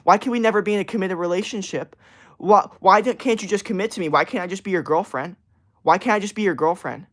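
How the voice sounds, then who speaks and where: A man's voice: high-pitched, fast, fairly bright tone, voice pushed up. A whiny, clingy young girlfriend, put on by a man in a raised, nagging voice. She pleads and repeats herself, sounding hurt and demanding. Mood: whiny pleading. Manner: pleading, repetitive whining.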